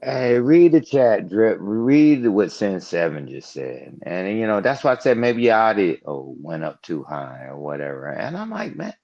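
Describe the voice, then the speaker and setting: A man on a panel making slow, laid-back remarks. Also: lowish voice, very animated, a little mellow. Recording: dull lo-fi audio.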